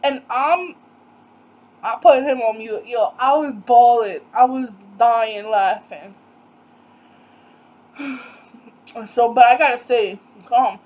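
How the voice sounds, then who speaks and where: Slow-talking, animated young woman vlogger. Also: a little high, highs cut off. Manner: animated, incredulous, quotes others in dialogue. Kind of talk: storytime vlog, casual retelling.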